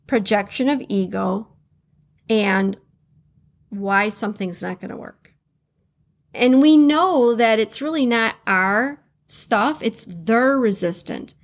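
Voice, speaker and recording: A woman hosting a motivational podcast on her own, talking in a candid, blunt way, acting out what other people say and laughing often. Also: on the high side. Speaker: podcast host. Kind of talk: motivational solo podcast talk.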